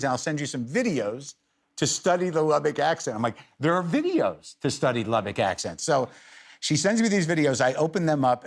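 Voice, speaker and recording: Wry rambling man telling stories. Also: mid-range voice. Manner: wry, rambling storyteller with self-deprecating asides. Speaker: talk show guest. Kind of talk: casual anecdote telling.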